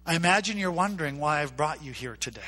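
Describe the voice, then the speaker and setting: A man delivers a sermon as a story with a bright, forward tone and a voice pitched a little above the usual. He jumps into the characters' voices and drives points home through repetition. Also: expressive, fast. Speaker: preacher.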